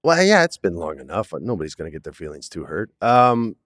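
A forty-something actor appears in person at a studio for a casual interview, telling animated stories and acting out what people said, with frequent uses of "man." His voice is low and a little fast, recorded at studio quality with no room sound.

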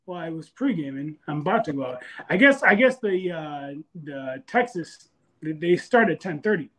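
A man's voice: fairly high pitch, animated, moderate pace, a bit bright. A man calling into a podcast, chatting in a laid-back, easygoing way. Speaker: caller. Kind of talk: casual call-in chat.

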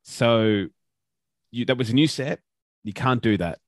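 A man's voice: medium pitch, expressive, unhurried, no echo, studio quality. A man with an Australian accent talking sports in a casual podcast chat, opinionated and ranting, with some swearing. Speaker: podcast co-host.

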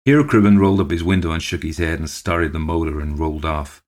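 A man with a deep, low voice reads a ghost story aloud for his podcast. His delivery is measured and steady, carrying the narration line by line.

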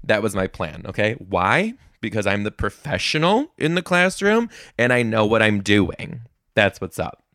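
A young man telling classroom stories as a comedic monologue, sassy and animated, bursting into high-pitched rants. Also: moderate pace, no room sound, studio quality.

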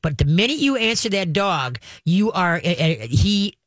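A woman hosting a call-in pet radio show, telling stories and giving dog training advice in an animated, chatty way. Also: fairly low pitch, normal speed, no echo. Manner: animated, chatty storytelling with acted-out voices.

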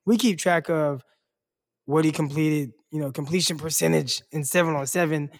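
Rambling, laid-back man, slightly high voice. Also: moderate pace. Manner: loose and rambling, heavy on "like" and "bro". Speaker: sports podcast co-host. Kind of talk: casual chat.

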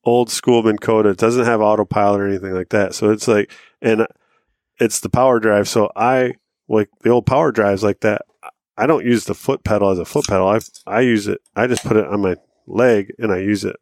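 A man with a lowish voice tells a long, rambling story on a podcast in a loose, casual way. He acts out what everyone said and swears easily. The sound is dry and close, with no room echo. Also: fairly even intonation, a little fast, a little mellow. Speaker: podcast co-host.

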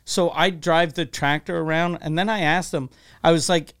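Man telling crude stories, clear voice. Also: fairly high pitch, moderate pace, a bit bright. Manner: storytelling, blunt, crude humor. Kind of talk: casual chat.

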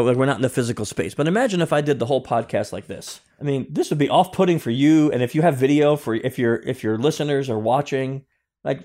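A middle-aged man as a podcast guest, telling lively anecdotes and explaining them step by step in a casual way. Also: medium pitch. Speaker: guest, security consultant and author. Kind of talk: casual interview storytelling.

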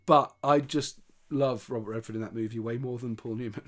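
A man's voice: mid-range voice, steady tone, a little fast, a bit bright. A man co-hosting a film podcast in casual, teasing chat over a remote call, laughing often. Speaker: podcast co-host.

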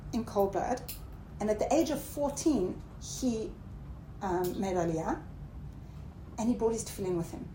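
In this class lecture, a female Torah teacher blends Hebrew terminology with English and regularly checks in with those listening. Her voice rises emphatically as she drives points home. The recording has a spacious echo and light background noise.

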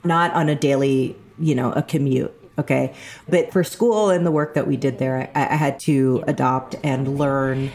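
Deep-voiced American actress, expressive guest who slips into voices. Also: female voice, normal speed. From New York. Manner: animated storyteller, slips into voices. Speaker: actor and guest. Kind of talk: casual interview chat.

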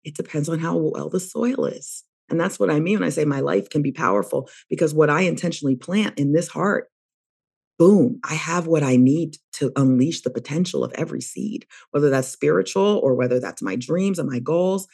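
A woman's voice: deep voice, normal speed, vocal fry, a little mellow, breathy edge. A middle-aged woman therapist, a guest on a podcast interview, talking in a reflective, emphatic way.

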